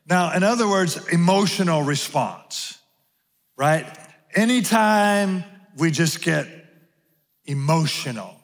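A man preaching a sermon to a gathered congregation. He repeats key phrases slowly for emphasis. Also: on the high side, animated, long reverb tail. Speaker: pastor. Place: large room with audience.

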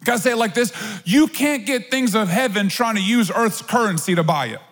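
A man with a very high voice preaches to his congregation, mixing plain talk with playful asides. His words ring out with a long reverb in a church hall. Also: lively intonation, brisk, fairly bright tone. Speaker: pastor. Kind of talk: sermon.

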